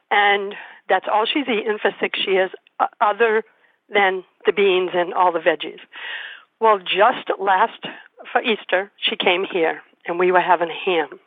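A woman hosting a radio show, telling a family story in a lively way and acting out the voices she quotes. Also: mid-range voice, moderate pace, dry recording. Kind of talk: casual storytelling conversation. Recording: tinny phone-line sound, dry.

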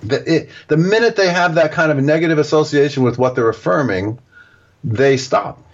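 A man's voice: a little high, normal speed. A man being interviewed as an author, explaining at length and acting out little example quotes as he goes. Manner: digressive, explaining with acted-out examples. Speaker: author and guest. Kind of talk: casual interview talk. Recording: dull lo-fi audio.

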